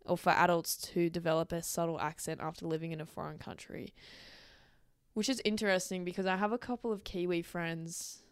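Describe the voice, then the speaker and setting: A woman's voice: fairly low pitch, steady tone, fairly quick, smooth, no echo, clean studio sound. A young Australian woman hosting her own podcast in casual, rambling solo chat, swearing freely and wandering into asides. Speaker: podcast host.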